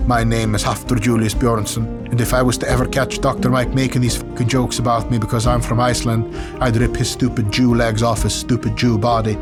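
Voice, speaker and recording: A crude, bragging giant of a strongman with a thick generic Nordic accent, as a man puts him on. He talks in a mid-range male voice, swaggering and profane. Faint music sits low in the background. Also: little pitch movement, brisk, close to an everyday voice. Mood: boastful scolding. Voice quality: put-on accent, profane and boasting.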